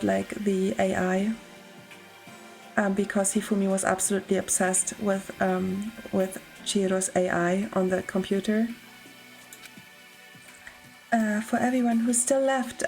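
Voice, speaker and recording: A woman's voice: mid-range voice, a little mellow, low-quality recording. A young woman streaming a game, talking casually and emotionally, swearing as she reacts. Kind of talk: casual gameplay commentary.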